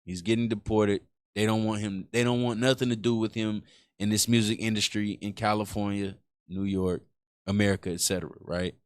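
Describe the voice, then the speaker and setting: A man's voice: on the low side, fairly even intonation, brisk, no room sound, clean studio sound. A man giving blunt, profane reaction commentary in a casual streaming style. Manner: blunt, profane, repetitive emphasis.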